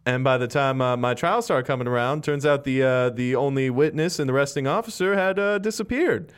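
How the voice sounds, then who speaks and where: A man's voice: medium pitch, fairly quick, smooth, pitched above the performer's own voice, close to an everyday voice. A man voicing a cocky, flippant male ghost crook who talks in a wheedling way in a tabletop game. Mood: smug. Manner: cocky, calls others babe.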